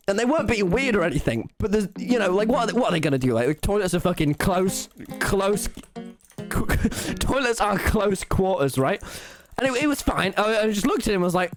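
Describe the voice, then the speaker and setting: A young man, telling stories excitedly on a live stream, swearing often and breaking into laughter. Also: sits high, fairly quick, faint music behind. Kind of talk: casual live-stream storytelling.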